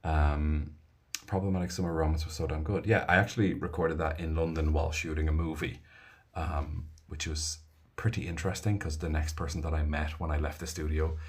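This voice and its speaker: A man's voice: extremely low pitch, little pitch movement, brisk, breathy edge. An Irish man, an audiobook narrator, chatting casually on a live stream, rambling and reading viewers' comments aloud.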